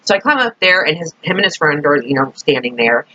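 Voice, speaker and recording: Young-sounding woman vlogger, husky and bright, swears freely, rambles through stories. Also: low-pitched, big pitch swings, fairly quick. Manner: rambling, profane, full of "like". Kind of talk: casual storytelling vlog. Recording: dull lo-fi recording.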